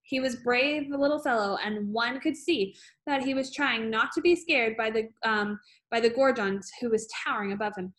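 Brief: woman storybook narrator, fairly high pitch, steady reading. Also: normal speed. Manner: steady reading with some slips and fillers. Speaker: audiobook reader.

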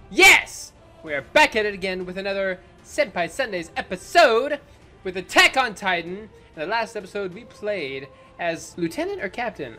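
A man hosting a gaming channel, giving loud, jokey, swearing commentary while he plays. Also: sits high. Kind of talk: energetic gameplay commentary.

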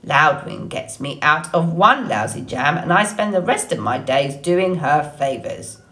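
A woman's voice: low voice, expressive, unhurried, bright, forceful tone, exaggerated voice. A woman voicing a stubborn, grumpy male beaver in a storybook reading. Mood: grumbling.

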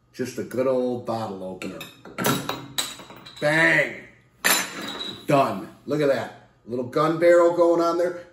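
A man's voice: medium pitch, very animated, takes it slowly, long pauses, roomy sound, a little hiss or hum. A man casually reviewing a beer on camera, rambling and self-correcting with playful jokes. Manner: playful sound effects and jokes.

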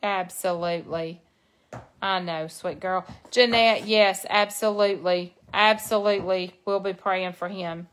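A woman's voice: fairly low pitch, fairly even intonation, a little slow, fairly bright tone, slight background noise. A woman chats casually into her phone during a live stream. Her speech is folksy and soothing, meant to reassure. She sounds like she's talking to close family and friends.

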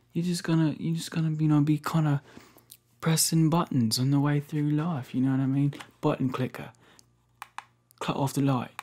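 Man, put-on London accent, whispered role-play, gravelly, husky, flirty, close mic. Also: medium pitch. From United States. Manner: playful, flirty, rambling, soft-spoken. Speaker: ASMR creator.

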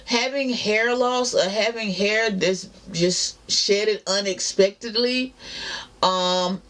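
A woman's voice: mid-range voice, unhurried, fairly bright tone. A woman with a Southern US accent chatting casually to her camera at home, drawling asides to her viewers. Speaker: vlogger. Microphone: camera mounted up high.

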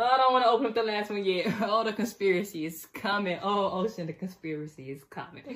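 A woman's voice: lowish voice, vocal fry. A woman filming a casual unboxing on her phone, gushing, laughing and repeating herself as she chats. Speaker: vlogger unboxing makeup. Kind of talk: casual excited unboxing chat. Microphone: phone camera.

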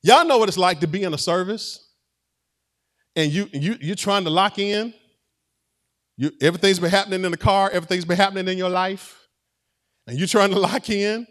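A man's voice: high voice, moderate pace, pauses often, fairly bright tone. A man preaching a sermon as pastor, conversational and playful, with call-and-response to the congregation.

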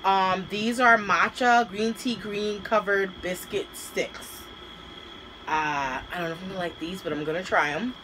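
A woman's voice: mid-range voice, fairly even intonation, measured pace, background noise. A woman vlogger chatting casually and hesitantly as she unboxes and taste-tests snacks, with many fillers. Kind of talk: casual taste-test vlog.

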